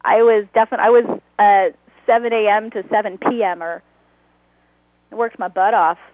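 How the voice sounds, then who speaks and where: A chatty woman guest in a casual interview, laughing easily and poking fun at herself. Her voice sits at an ordinary middle pitch. The sound is dry and close, with no room around it. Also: moderate pace, a little mellow, no room sound, poor audio. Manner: chatty, laughs often, self-deprecating. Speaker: guest, comedy actor. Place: Los Angeles.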